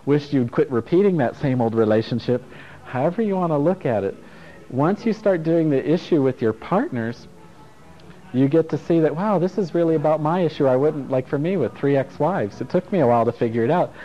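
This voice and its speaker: A man's voice: fairly high pitch, expressive, brisk. Middle-aged male workshop teacher, frank, loose, swears easily, dull lo-fi sound with faint music behind. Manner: frank and playful, swears and chuckles often. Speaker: self-help workshop teacher. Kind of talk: casual workshop talk to a group.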